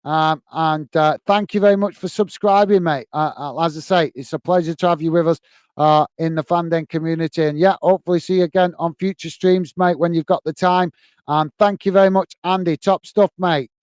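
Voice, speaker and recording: Man, football stream host, friendly, tired, filler-heavy, smooth voice, dry close sound. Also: fairly high pitch, fairly even intonation, fairly quick, darkish tone, no echo. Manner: friendly, repetitive sign-offs, many fillers. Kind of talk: live stream chat reading viewer comments.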